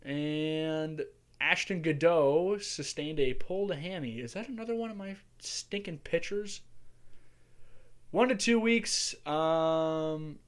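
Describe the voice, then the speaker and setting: Casting: man, slightly high voice, casual chatty gameplay commentator thinking out loud. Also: slow pace, clear, resonant tone. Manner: chatty, musing aloud while playing. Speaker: gaming channel host.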